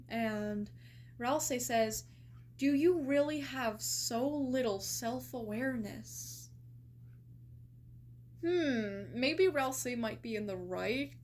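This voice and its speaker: A woman's voice: fairly high pitch, slight background noise. A young woman streaming live, chatting casually with lots of fillers and incredulous reactions.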